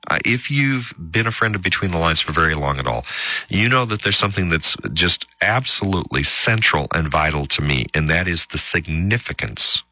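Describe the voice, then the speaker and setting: A man hosting a radio Bible teaching show, speaking emphatically with long dramatic pauses and quick asides. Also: sits low, animated, bright, forceful tone, no room sound.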